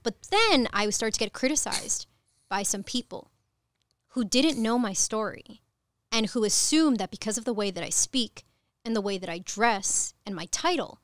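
Brief: woman in her thirties, originally from Ecuador, podcast guest with a frank storytelling style, mid-pitched and lively, dry close mic. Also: no room sound. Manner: frank, animated, swears casually. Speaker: podcast guest, cannabis attorney. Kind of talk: candid conversational storytelling.

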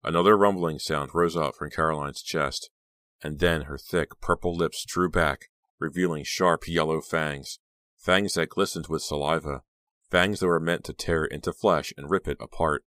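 A man narrating a horror audiobook in a steady, measured way. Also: extremely low pitch, dry recording.

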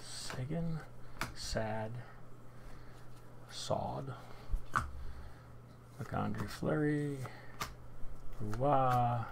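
A man hosting a live card break, reading off card names in short bursts with sudden loud, excited shouts. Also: mid-range voice, very slow, vocal fry, pauses often, noisy background.

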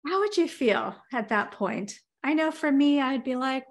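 A woman speaking as a motivational speaker, with a voice pitched a little above typical. She talks conversationally, lacing her sentences with "you know" while she paints everyday scenes for her listeners. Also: lively intonation, a little slow, few pauses. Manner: conversational, many "you know" fillers, builds vivid scenarios. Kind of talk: motivational talk with storytelling.

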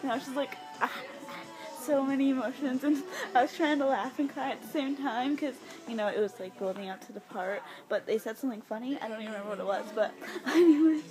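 A young woman chatting in a rambling, giggly, excitable way as she vlogs on her phone while walking through stores. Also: sits high, quick pace, music in the background, low-quality recording. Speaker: vlogger. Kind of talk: casual vlog chat. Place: inside stores and a mall. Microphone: phone held while filming.

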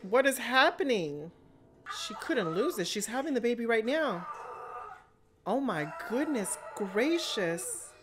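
A woman hosting a video reaction to a TV episode, chatty and excitable, calling viewers honey. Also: fairly high pitch, slow pace, over music.

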